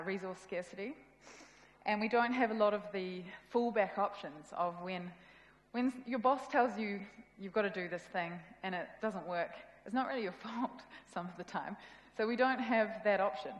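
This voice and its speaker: A woman with a New Zealand accent giving a casual, self-deprecating conference talk. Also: medium pitch. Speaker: conference speaker. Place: event hall. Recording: echoey hall with long reverb.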